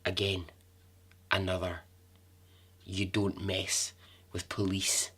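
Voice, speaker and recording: A man's voice: deep voice, flat delivery, takes it slowly, sharp tone, breathy edge. A man hosting a podcast, telling a true-crime story in a chatty way with asides and the odd swear word. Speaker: podcast host.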